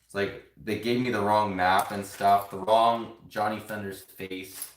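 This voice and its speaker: A man's voice: lowish voice, little pitch movement, measured pace, slight background noise. A man chatting casually on a live stream, rambling to his viewers as he builds and shows off toy sets. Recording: roomy home room echo.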